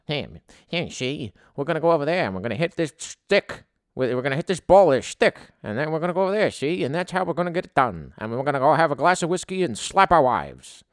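A man's voice: a little high, big pitch swings, fast talker, dry recording, studio quality, voice pushed up. A man doing an old-timey tough-talking early-1900s guy with a clipped, swaggering delivery. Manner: clipped, swaggering, ends with "see?".

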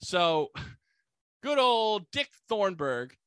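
A man tells a movie's story in loose, chatty fashion, packing his sentences with "like" and slipping into quick voices for the characters. His voice sits a bit high and sounds bright and forward. The recording is dry and close, with no room around him. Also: smooth, no room sound. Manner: animated, acts out characters with voices; many "like" fillers. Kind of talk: casual movie recap.

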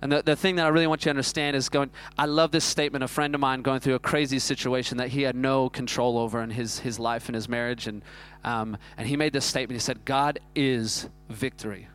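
A man, preaching a sermon that is built around a self-mocking personal story told in an animated way. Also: mid-range voice, fast talker, hardly any pauses, smooth. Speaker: pastor.

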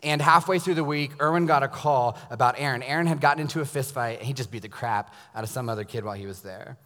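Pastor preaching in a reverberant hall. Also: male voice, medium pitch, fast talker. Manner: storytelling, dropping to a hushed intense tone for emphasis. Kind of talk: sermon. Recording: long reverb of a large hall.

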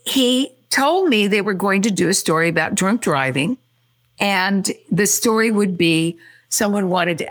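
Older woman, interview guest, low voice, animated storytelling. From California. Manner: animated, quick storyteller who acts out quotes.

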